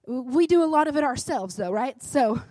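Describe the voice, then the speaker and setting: High-voiced, chatty woman preaching. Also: animated, normal speed, dark tone, no echo. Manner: chatty, keeps asking "right?"; emphatic, rises to fervent urging. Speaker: devotional speaker. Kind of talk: conversational sermon.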